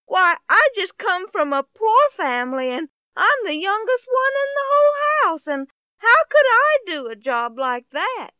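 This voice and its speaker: A woman's voice: extremely high pitch, sing-song, measured pace, bright, forceful tone, dry recording, voice pushed up, heavily acted. A woman voicing a humble, frightened young man, the youngest of a poor family, who stammers and pleads. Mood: disbelieving.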